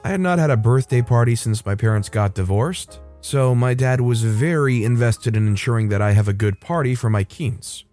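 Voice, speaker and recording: A man reading an online story aloud in first person, in a steady, matter-of-fact way. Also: mid-range voice, normal speed, few pauses, soft background music. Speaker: story narrator. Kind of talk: scripted narration of a reddit story.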